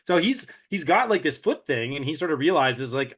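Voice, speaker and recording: A man in casual chat about an ultramarathon, slangy and pumped up, his voice trailing off softly at times. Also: mid-range voice, very animated, fairly quick, hardly any pauses. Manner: hype-driven, slangy, trailing off quietly.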